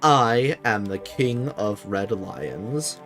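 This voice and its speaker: A man reading game dialogue as a solemn ancient king who speaks through a talking boat, in a grave, measured way. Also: fairly low pitch, expressive, a bit bright, faint music behind, exaggerated voice.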